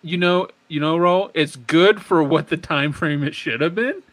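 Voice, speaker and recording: Bright-voiced joking man. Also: a little high, unhurried, no room sound. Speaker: podcast co-host. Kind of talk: casual chat.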